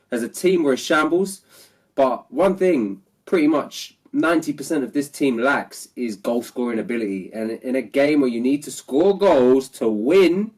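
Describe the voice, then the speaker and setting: A man's voice: medium pitch, a little mellow. A man who is ill and sounds nasal, delivering a frustrated post-match fan vlog rant as the channel's regular voice. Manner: frustrated, repetitive. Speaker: football fan vlogger.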